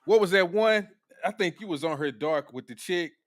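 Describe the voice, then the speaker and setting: A man's voice: high-pitched, moderate pace, no echo. A man hosting a casual reaction commentary, blunt and profane, laughing often. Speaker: commentary host.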